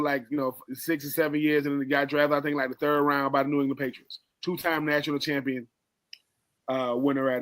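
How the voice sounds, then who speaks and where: A man's voice: fairly high pitch, pushed and bright. A man co-hosting a sports radio show, giving emphatic analysis, repeating words for stress and talking straight to his partner. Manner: talks straight to his co-host.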